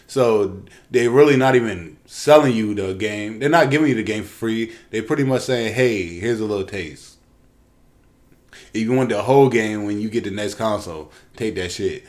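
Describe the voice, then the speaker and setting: Profane, ranting young man. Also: mid-range voice. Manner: profane, ranting, animated impressions of others. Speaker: podcast co-host. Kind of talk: casual podcast rant.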